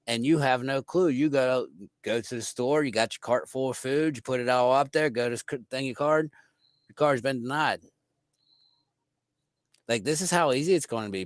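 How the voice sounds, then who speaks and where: A man's voice: mid-range voice, dry recording. Male podcast co-host, casual and filler-heavy, dry recording. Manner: loose, informal, lots of "like".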